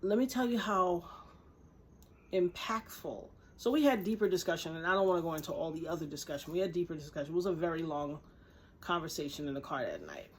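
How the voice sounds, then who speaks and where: A woman's voice: lowish voice, animated, a little fast, slight background noise. A woman vlogger telling a personal story straight to camera, earnest and emphatic. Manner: earnest and emphatic, acts out quoted voices. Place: indoors, speaking to camera.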